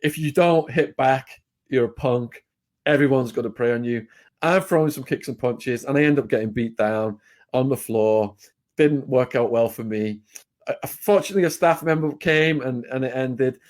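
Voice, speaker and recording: A man's voice: mid-range voice, moderate pace, darkish tone. A man with an English accent tells his story as a podcast guest, in a mid-range voice. He talks bluntly and plainly, falling into fillers and restarts as he goes. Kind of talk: casual storytelling.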